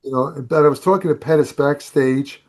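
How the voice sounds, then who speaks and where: Older guy rambling thru old stories, kinda high voice, lots of restarts. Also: normal speed, a little mellow. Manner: rambling anecdotes with restarts and laughs. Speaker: guest, bodybuilding writer. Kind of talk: casual storytelling on a podcast.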